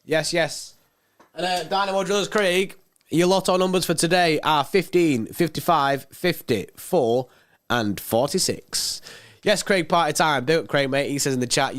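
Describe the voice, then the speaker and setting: A man's voice: a little high, unhurried, a bit bright. Laid-back man hosting a livestream. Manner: laid-back, chatty, reads out viewer comments. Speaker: fan channel livestream host. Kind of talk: casual livestream chat.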